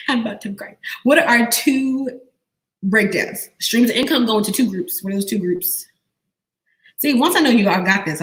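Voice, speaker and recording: Animated woman coaching a live class. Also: mid-range voice. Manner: animated, repetitive call-and-response questioning. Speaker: online business coach. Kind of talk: live online training, quizzing viewers.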